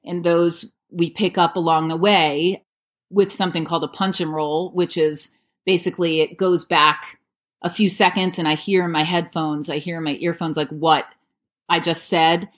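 A woman's voice: lowish voice, fairly even intonation, moderate pace. A woman in her thirties, an audiobook narrator, answering interview questions in a chatty way with many "like" fillers.

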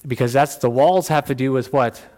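A pastor preaching in a folksy, conversational way. He pushes his voice up high and loud to drive a point home, then drops to a low, quiet tone for asides. His voice sits at a middle pitch for a man. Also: moderate pace. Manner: folksy, plain-spoken preaching. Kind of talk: sermon.

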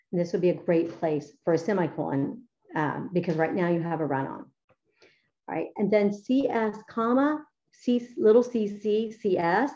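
A middle-aged woman teacher talks through her editing method in a chatty, enthusiastic way, full of ums and asides. Her voice is warm and mellow, sitting at a middling pitch. The recording sounds somewhat dull and lo-fi. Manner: chatty, enthusiastic, many fillers. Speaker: writing teacher.

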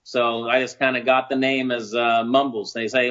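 A man at a middle pitch talks casually about fishing, relaxed and halting, leaning on fillers. The sound is muffled. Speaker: guest angler. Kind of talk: casual chat.

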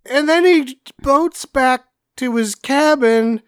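A man's voice: very high voice, slow, clear, resonant tone, dry recording, clean studio sound. A man co-hosting a casual movie recap, making wry jokes with laughing asides and some swearing. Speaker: podcast co-host.

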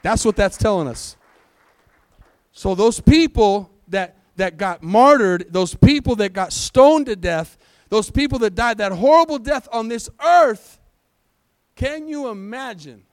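A man delivers a sermon in a church, his voice sitting high for a man. He presses his congregation with questions and calls for an answering amen. The sound is dry and close, with little room around it. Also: expressive, measured pace, no echo. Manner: preaching with rhetorical questions and call-and-response. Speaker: pastor. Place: church sanctuary.

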